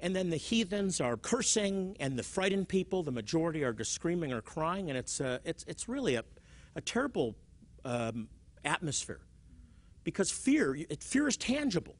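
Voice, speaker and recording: A man teaching as a Bible teacher and TV host. He tells stories in an animated way and repeats his words. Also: fairly high pitch, normal speed.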